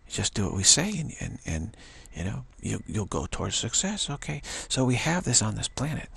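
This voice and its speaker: A man's voice: mid-range voice, very animated, a little fast, creaky, fairly bright tone, breathy edge. A man giving a spiritual talk, taunting and challenging in a mocking tone. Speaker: spiritual teacher.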